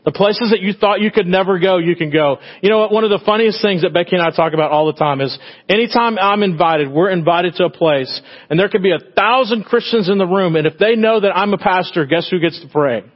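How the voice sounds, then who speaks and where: A middle-aged pastor delivers a conversational sermon that swings between loud bursts and hushed, tender moments. His voice sits high and moves briskly, though the audio is dull.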